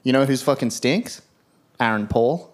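A man's voice: mid-range voice, normal speed. Crude joking young man. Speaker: podcast co-host. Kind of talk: casual chat.

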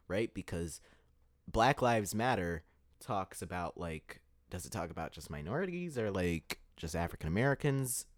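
A deep-voiced man hosts an opinion podcast, delivering a commentary monologue with emphasis and rhetorical "right?" questions. The recording has no echo.

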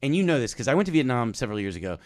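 A man talks fast in easy conversation, his pitch jumping around as he tells a story. He laughs often and restarts his sentences as the story tumbles out. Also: very animated, darkish tone. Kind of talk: casual chat.

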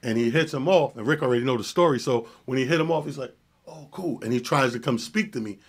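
A male comedian telling a story on a podcast in an animated, profane way, acting out the dialogue. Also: medium pitch, quick pace, slightly rough. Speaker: comedian guest.

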